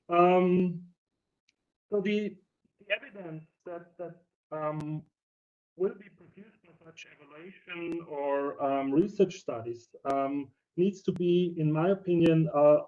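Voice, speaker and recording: A man's voice: fairly high pitch, slow, highs cut off. A man giving remarks as a panel speaker over a remote call, hesitant, with many fillers and restarts, sitting a bit far from his microphone. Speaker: panel speaker, senior researcher. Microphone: remote call, mic too far away.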